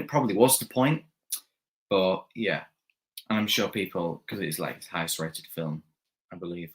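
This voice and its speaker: A young man with a lowish, fairly bright voice hosts a live stream, reading viewer comments aloud. He rambles casually, using many fillers and restarting often.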